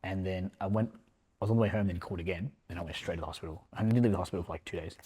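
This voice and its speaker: A man speaking as a podcast guest in casual, emotional conversation, reflective and halting, dropping "man" and "like" between thoughts. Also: deep voice, dark tone, slightly rough. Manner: reflective, halting, heavy use of fillers like "man" and "like".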